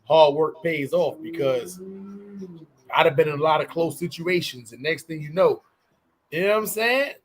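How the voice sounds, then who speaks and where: A male podcast co-host talks in a loose, rambling way and keeps asking for nods from his listeners. His voice sits a little high for a man. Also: moderate pace. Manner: loose and conversational, fills with "you know what I'm saying". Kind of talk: casual chat.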